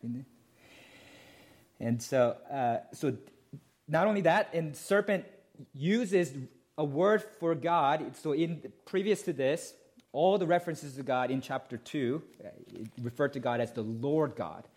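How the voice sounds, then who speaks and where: A man's voice: on the high side, a little slow, a little mellow. A male pastor preaching a sermon, explaining a passage emphatically and asking rhetorical questions.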